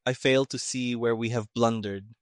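A frustrated, grumbling army major, voiced by a man reading aloud. He mutters his lines in a low, sour way. The sound is dry and close. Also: fairly even intonation, normal speed, no room sound, lightly acted.

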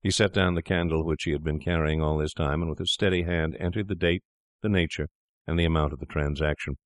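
A man narrating a classic tale in a measured, grave manner. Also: very deep voice, steady tone, no echo, studio quality.

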